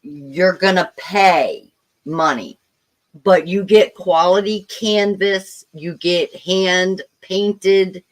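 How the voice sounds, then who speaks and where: A woman's voice: fairly low pitch, very slow. A woman moderating a casual livestream chat, reading viewer comments aloud and explaining things at length.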